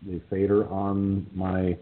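A man's voice: deep voice, completely flat delivery, slow, a little hiss or hum. A man hosting an internet radio show, chatting casually and rambling with plenty of fillers. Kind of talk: casual chat. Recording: phone-like lo-fi line.

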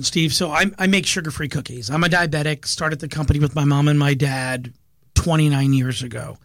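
A middle-aged business owner, a man, appears as a guest on a podcast and eagerly, earnestly tells stories about his working life, repeating words as he goes. His voice sits on the high side with a fairly bright tone, and the recording is dry.

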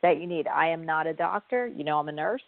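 A woman's voice: sits low, lively intonation, fast talker, gravelly, dry recording. Woman host on a tinny phone line. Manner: rambling, repeats herself, laughs mid-sentence. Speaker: radio host and psychic reader. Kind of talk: casual call-in chat.

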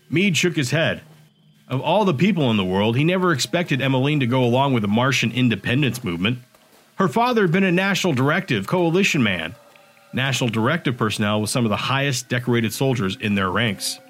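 A man narrating an audiobook in a steady, even storytelling voice. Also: mid-range voice, fairly quick, soft background music. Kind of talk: scripted narration.

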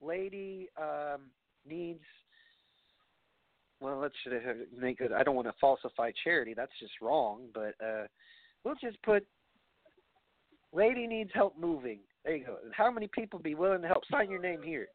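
Excitable man on a tinny line. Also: fairly high pitch, normal speed, dry recording. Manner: excitable, joking, rambling. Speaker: podcast host. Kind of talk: casual chat.

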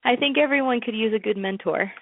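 A woman's voice: fairly high pitch, fast talker, no room sound. Chatty woman on a tinny line. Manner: chatty storyteller, many fillers. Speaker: interview guest. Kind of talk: casual interview chat.

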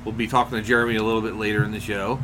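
A man's voice: fairly low pitch, level tone, racing, fairly bright tone, a little hiss or hum. A man hosting a casual podcast, talking in a loose, jokey way. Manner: jokey, rambling. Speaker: podcast host and announcer.

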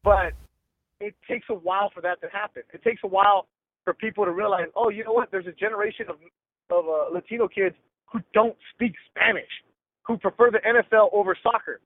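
Middle-aged sports guy, high voice, blunt and slangy, sounds like he's on a phone, dry. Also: brisk, no room sound. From Los Angeles. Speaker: guest sports broadcaster. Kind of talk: casual podcast interview. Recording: tinny phone-like line, dry.

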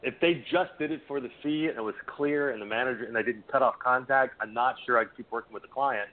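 A man's voice: medium pitch, fast. A man on a casual panel chat, talking in a cautious, hedging way. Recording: tinny phone-line audio.

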